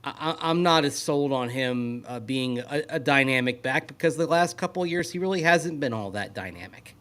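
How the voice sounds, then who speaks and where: A man's voice: medium pitch, animated, normal speed, a bit bright. A man co-hosting a sports radio show, talking through football analysis in a skeptical, analytical way. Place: at a league meeting venue.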